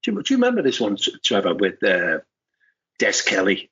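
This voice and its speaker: A middle-aged former footballer talking as a pundit in casual podcast chat, rambling with restarts and tag questions. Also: male voice, fairly low pitch, huge pitch swings, fairly quick, a bit bright. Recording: muffled lo-fi audio.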